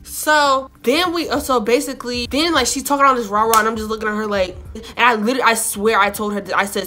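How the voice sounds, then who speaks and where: A young woman vlogger telling a storytime in a casual, animated, slangy way, acting out quotes. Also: mid-range voice, quick pace, faint music behind. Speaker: YouTuber.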